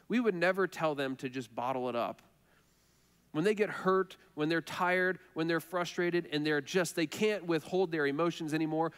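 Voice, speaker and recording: A man's voice: sits high, smooth. A man preaching a sermon as pastor, earnest and conversational, repeating phrases for emphasis. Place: church sanctuary. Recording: reverberant church hall.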